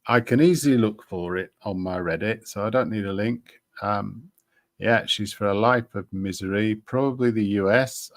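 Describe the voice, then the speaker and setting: Slow, halting man streaming live. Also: fairly low pitch. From Britain. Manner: halting, many ums and restarts. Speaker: livestream host. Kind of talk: casual live-stream commentary.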